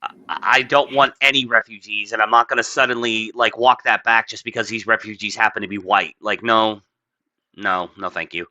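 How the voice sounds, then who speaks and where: A man's voice: lowish voice, fairly even intonation, moderate pace, sharp tone, dry recording, highs cut off. A man hosting a casual podcast, rambling and profane, packing his talk with "like" and laughing often. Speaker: podcast host. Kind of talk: casual opinionated podcast chat.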